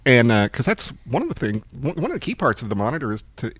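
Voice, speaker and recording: Podcast co-host, male, rapid and animated, tells stories with plenty of laughter and swearing. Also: mid-range voice, breathy edge, no room sound. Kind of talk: casual chat, anecdotes.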